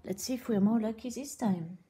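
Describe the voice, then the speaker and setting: Husky-voiced woman, wry, dry asides, polite but firm on the phone. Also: a little high, brisk, dark tone. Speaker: customer phoning a company. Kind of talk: vlog of a customer service call.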